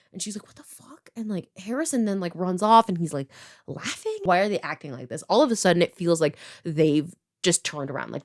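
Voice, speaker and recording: A woman in her twenties from Canada, casually recapping a story in a chatty way full of fillers, briefly quoting characters as she goes. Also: fairly low pitch. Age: 20s. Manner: chatty, filler-heavy, lots of "like"; animated, quoting characters in quick voices. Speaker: writer and video creator.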